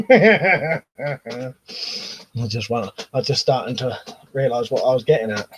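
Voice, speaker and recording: A British man hosts a relaxed live chat stream with a medium-pitched voice. He reads viewer comments aloud, laughs easily and drops into quiet mumbled asides between lively bursts. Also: slow, husky, poor audio. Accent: British English. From Britain.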